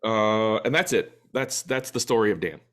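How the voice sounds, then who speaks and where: A man's voice: fairly low pitch, moderate pace, a bit bright. A man co-hosting a woodworking podcast, chatting casually and rambling through stories with lots of filler words. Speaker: podcast co-host. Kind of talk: casual chat.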